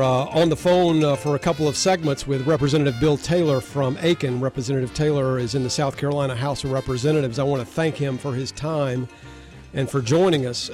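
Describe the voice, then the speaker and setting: An older man hosting call-in political talk radio, who gets worked up and pushes his voice higher on emphatic, repeated questions. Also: a little mellow. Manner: gets fired up, pitch rising sharply on emphatic questions. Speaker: radio talk show host.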